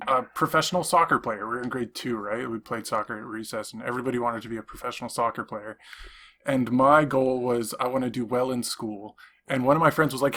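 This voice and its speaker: A man's voice: medium pitch, fairly bright tone. A young man from Canada, co-hosting a podcast in casual chat, rambling through stories with many restarts. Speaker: podcast co-host.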